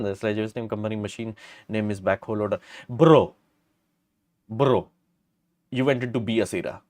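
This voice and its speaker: A man's voice: lowish voice, a little mellow. A middle-aged man, hosting a casual live stream and answering viewer questions in a blunt, rambling way full of fillers.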